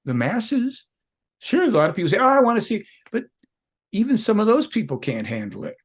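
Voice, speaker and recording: A man's voice: sits high, wildly swooping pitch, normal speed, a little mellow, husky. A man speaking as an interview guest, rambling and emphatic, jumping from point to point. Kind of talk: casual interview talk.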